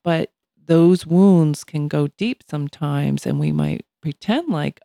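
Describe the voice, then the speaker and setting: A woman's voice: low-pitched, slow, few pauses, warm tone, no echo, clean studio sound. A woman in her sixties co-hosting a casual talk show, speaking reflectively and thoughtfully. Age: 60s. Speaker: podcast co-host. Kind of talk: casual chat.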